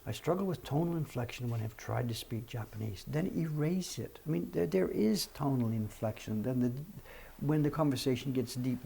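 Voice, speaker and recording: A man's voice: mid-range voice, vocal fry, mellow, husky. A man in his seventies chatting casually on his livestream, frank and self-deprecating as he answers viewers' questions. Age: 70s. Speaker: livestream host.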